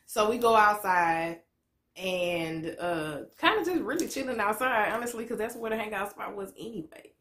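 A woman in her late twenties talks straight to camera, blunt and unfiltered, salting her story with slang and curses. Her voice sits at a middle pitch. The room around her rings with echo. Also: lively intonation, moderate pace, fairly bright tone. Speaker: motivational vlogger. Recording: echoey room.

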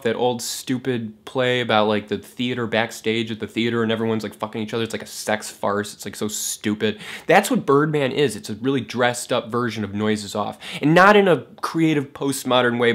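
Man, casual rant, profane, scornful, restless delivery, mid-pitched voice. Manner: profane, fast, scornful, many fillers and restarts; mocks characters in a raised voice. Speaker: film vlogger.

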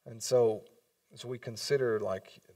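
A man's voice: medium pitch, steady tone, unhurried, mellow, dry recording, far from the mic. A man preaching an online sermon in an earnest, conversational way, often repeating words. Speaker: pastor.

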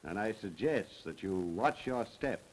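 An actor playing a dismissive police commissioner with a brusque manner, in a 1930s film. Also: male voice, fairly low pitch, expressive, measured pace, husky, poor audio. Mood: stern.

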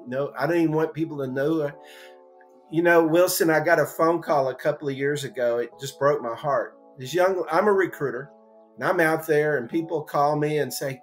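A man's voice: fairly high pitch, normal speed, faint music behind. A man being interviewed as an engineering recruiter, a folksy, encouraging talker who acts out voices in his stories and says "you know" a lot. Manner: animated storyteller, acts out voices in anecdotes. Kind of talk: casual conversational interview.

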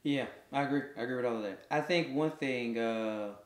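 A man's voice: mid-range voice, brisk, echoey room. A man co-hosting a podcast with his wife, speaking in an easygoing, reflective way about raising kids. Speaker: podcast co-host. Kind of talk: casual parenting chat.

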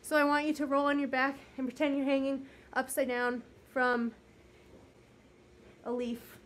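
High-voiced woman teaching young children. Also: level tone, a little slow. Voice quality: gentle, encouraging, occasionally losing her place. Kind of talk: children's lesson, talking to camera. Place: home with a carpet.

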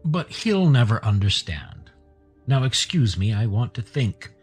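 Guy doing a thoughtful alien tree, raised pitch, calm, husky. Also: a little slow, soft background music. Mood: musing. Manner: calm, musing.

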